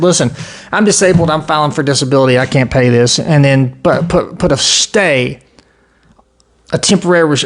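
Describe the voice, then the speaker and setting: A man hosting an online show, delivering a heated, profane, shouting solo rant. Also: fairly high pitch.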